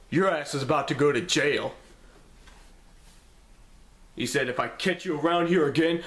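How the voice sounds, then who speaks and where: A young man vlogging a story to camera in a casual, profane, animated way, acting out what each person said. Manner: animated, profane, acts out quotes with pitch jumps.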